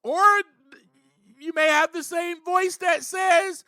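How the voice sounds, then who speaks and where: A man's voice: very high-pitched, fairly even intonation, takes it slowly, pushed and bright, no echo, studio quality. A man hosting a podcast, giving earnest, reflective spiritual recovery talk, with frequent "you know" and bursts of emphasis. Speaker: podcast host.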